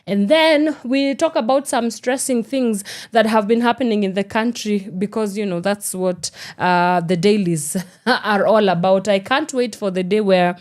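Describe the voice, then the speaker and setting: A woman's voice: medium pitch, measured pace, darkish tone. A woman with a Kenyan accent hosting a morning radio show, chatting casually and slipping in Swahili phrases. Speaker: radio host. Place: radio studio.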